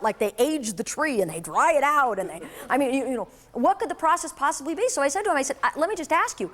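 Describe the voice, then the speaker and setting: A woman giving a motivational sales talk to an audience, telling a lively personal story in a conversational way. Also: sits high, brisk, hardly any pauses. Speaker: sales trainer.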